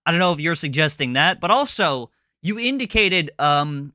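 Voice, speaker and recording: A man hosts a live stream and tears into a clip with quick, sarcastic rants full of fillers. His voice sits a little high and sounds bright and forward. The sound is dry and close. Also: lively intonation, no room sound. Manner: fast, sarcastic ranting with many fillers. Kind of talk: casual chat reacting to a clip.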